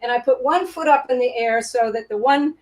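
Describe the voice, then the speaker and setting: Woman reminiscing about stage life, lively, often laughing, pitched a little high. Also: brisk, poor audio. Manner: animated anecdote-telling, laughs often. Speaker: guest, Broadway performer. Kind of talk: casual storytelling interview. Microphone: video call.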